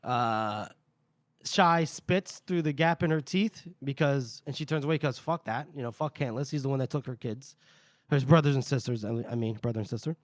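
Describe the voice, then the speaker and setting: A man's voice: medium pitch, moderate pace, dry recording, clean studio sound. A man co-hosting a casual book-discussion podcast, retelling chapters with put-on character voices and plenty of swearing. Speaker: podcast co-host.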